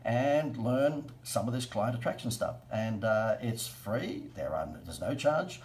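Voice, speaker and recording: A man's voice: mid-range voice, animated, measured pace, a little mellow, a little hiss or hum, poor audio. An Australian man hosting a casual live stream, coaching businesses on marketing in a chatty, joking, self-mocking way.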